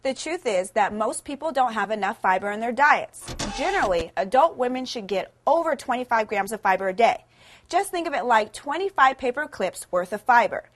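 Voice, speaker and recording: A woman presenting a scripted educational lesson, explaining clearly and cheerfully. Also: fairly high pitch, lively intonation, normal speed.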